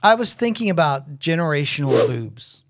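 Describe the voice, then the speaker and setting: Crude, animated male podcast co-host. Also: fairly high pitch, normal speed. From United States. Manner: crude, swears a lot, animated storyteller. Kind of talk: casual chat.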